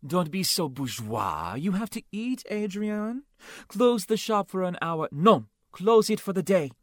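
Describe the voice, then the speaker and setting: Audiobook figure: flamboyant man with a put-on French accent, high and fluting, dramatic; lively swoops. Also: unhurried, no echo, clean studio sound, exaggerated voice. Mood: gushing. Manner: dramatic, gushing.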